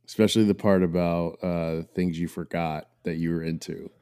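A man's voice: low-pitched, little pitch movement, normal speed, warm tone, clear, resonant tone. A man interviewing a guest, asking playful, teasing questions in a casual chat.

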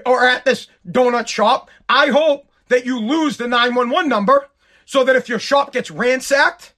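A man with a strikingly high-pitched voice rants on his own program. He swears constantly, stumbles over words and breaks into shouts when he gets heated. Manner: profane, heated, shouting at times. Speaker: show host. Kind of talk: angry rant, talk show.

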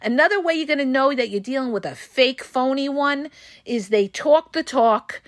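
A woman podcast host and relationship coach giving blunt, profane advice straight to her listeners, her voice going hoarse. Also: high-pitched, normal speed, no echo, clean studio sound. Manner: frank, profane, emphatic, addresses listeners as "you guys". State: losing her voice.

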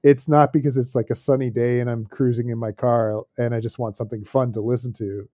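A man's voice: medium pitch, level tone, fairly quick, dark tone, no echo, clean studio sound. A man on a podcast panel talking reflectively about an album, laughing easily and restarting his sentences. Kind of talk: casual album discussion.

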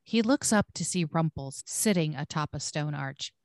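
A woman's voice: low voice, expressive, normal speed, no room sound, clean studio sound. A woman co-hosting a podcast, reading scripted episode recaps with blunt, swearing asides.

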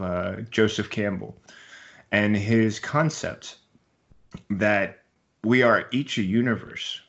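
A very low-voiced male interviewer reflects at an unhurried pace and tells stories to his guest. The recording sounds dull and lo-fi. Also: a bit bright. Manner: measured, reflective, storytelling.

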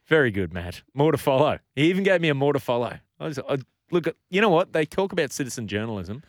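Joking Australian man with lively pitch. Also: fast talker, few pauses, no echo, clean studio sound. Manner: joking, playful, lively banter. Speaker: podcast co-host. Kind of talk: casual sports chat.

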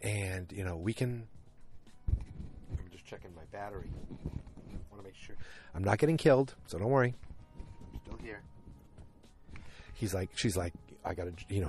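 A man hosting a casual solo podcast, retelling a TV episode at home in a rambling, animated way full of fillers and restarts. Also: lowish voice, normal speed, long pauses. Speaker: podcast host recapping a TV episode. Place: at home, alone at night.

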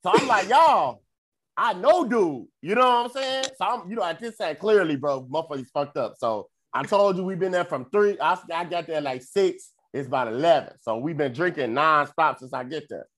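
Animated storytelling man, swearing freely. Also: fairly high pitch, moderate pace. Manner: animated, profane, acts out quotes in a raised voice. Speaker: podcast co-host. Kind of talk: casual storytelling chat.

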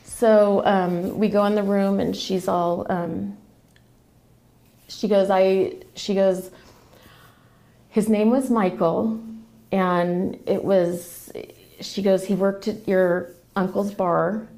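A woman guest on a podcast, talking through a personal family story in a casual, animated way. Her voice has a gravelly, creaky edge, and she keeps slipping into the voices of the people she quotes. Her pitch sits in an ordinary middle range. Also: slow. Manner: animated retelling, acting out quoted dialogue.

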